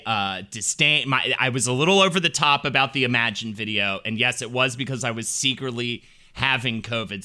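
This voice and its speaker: Bright sarcastic man co-host. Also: medium pitch, clear, resonant tone. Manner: sarcastic, mock-formal apologies. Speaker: podcast co-host. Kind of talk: casual comedic chat. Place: home room on a remote call.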